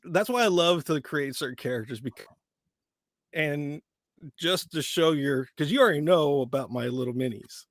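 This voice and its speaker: A man, a voice actor guest, chatting in an animated, playful way during an interview. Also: on the high side, normal speed, no echo, studio quality. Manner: animated, laughing, playful storyteller. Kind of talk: casual interview chat.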